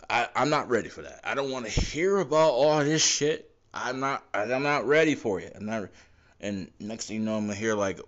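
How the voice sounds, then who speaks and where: Rambling, profane man, lively lo-fi podcast voice. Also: mid-range voice, moderate pace. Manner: profane, meandering, lots of fillers and self-corrections. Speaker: podcast host. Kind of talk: casual rambling monologue. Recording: dull lo-fi recording.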